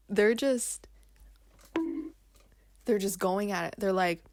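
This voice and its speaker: A woman's voice: medium pitch, slow pace, pauses often, no echo. A woman casually reading folk tales aloud on her video, breaking off for giggly, playful asides. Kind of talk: casual read-aloud with chat.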